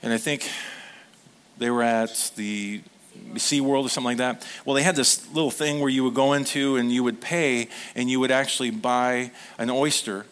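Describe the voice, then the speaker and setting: Male pastor, sermon delivery, earnest and animated, slips into playful quoted voices. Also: medium pitch, moderate pace, clear, resonant tone. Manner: earnest, gets emotional.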